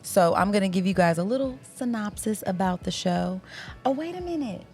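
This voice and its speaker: A woman's voice: mid-range voice, expressive, fairly quick, a little mellow, soft background music. A woman co-hosting a book podcast in casual chat, playful and laughing often. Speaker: podcast co-host.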